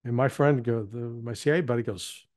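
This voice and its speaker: A man's voice: medium pitch, a little fast, darkish tone, no echo, studio quality. A man speaking as an interview guest and former intelligence analyst, giving plain-spoken, conversational commentary that often halts and restarts mid-sentence.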